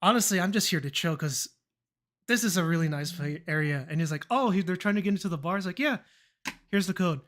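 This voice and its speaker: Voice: medium pitch, animated, fast talker, fairly bright tone. A young adult streamer chatting casually, telling a rambling story full of fillers and mild swearing, acting out the lines of the people in it. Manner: rambling, laughing, swears, acts out quoted dialogue.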